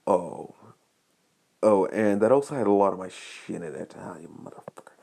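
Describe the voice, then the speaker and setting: A man's voice: sits low, animated, normal speed, gravelly, mellow, full character voice. A man voicing a brash, crude young woman who is a sniper student. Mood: annoyed. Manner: crude, cocky, swears freely.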